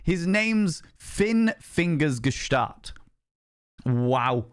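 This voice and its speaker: Laughing, swearing streamer. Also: male voice, fairly high pitch, drawn-out words, clear, resonant tone, dry recording, clean studio sound. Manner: laughs often, swears freely, animated. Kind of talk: casual live-stream chat.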